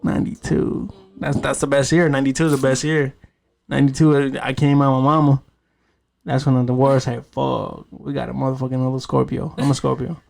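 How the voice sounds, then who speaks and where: A man's voice: mid-range voice, a little fast, gravelly, slight background noise. A man in his late twenties hosting a podcast, telling stories in a casual, swearing chat. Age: 20s. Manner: animated storytelling, heavy swearing. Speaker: podcast host.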